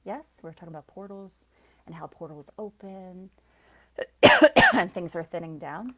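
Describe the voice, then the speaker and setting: A woman's voice: lowish voice, expressive, measured pace, a bit bright. A woman psychic reader chatting loosely on a live stream, rambling from thought to thought, laughing often and answering viewers by name. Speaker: psychic reader and soul coach. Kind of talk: casual live-stream chat.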